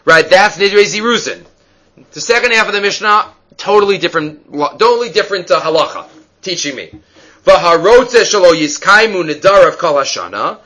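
High, bright-voiced man teaching Talmud. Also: moderate pace. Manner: animated, questioning, mixes Hebrew and English. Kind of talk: Talmud lecture.

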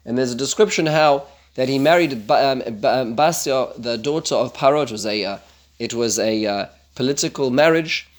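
A man teaching a casual Torah class, halting with many restarts and growing animated when he quotes the verses. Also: medium pitch.

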